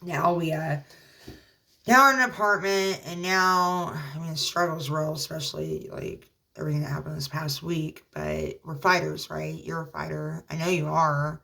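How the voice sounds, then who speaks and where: A woman, a mother, talking casually to her viewers in a rambling, halting way with lots of fillers, earnestly offering religious encouragement. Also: sits low, steady tone, vocal fry, bright, forceful tone. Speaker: vlogger. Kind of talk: casual talk to camera.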